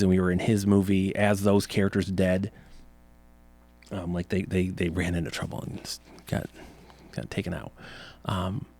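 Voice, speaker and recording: A man's voice: on the low side, dry recording. A man in his forties hosting a podcast, telling childhood stories in a rambling, self-correcting way. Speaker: podcast host. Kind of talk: casual reminiscing monologue.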